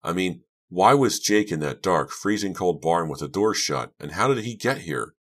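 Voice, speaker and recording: A deep-voiced man reading a curious, probing teen girl. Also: expressive, moderate pace, fairly bright tone. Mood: questioning. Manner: earnest, pressing questions. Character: teen girl narrator, curious would-be doctor.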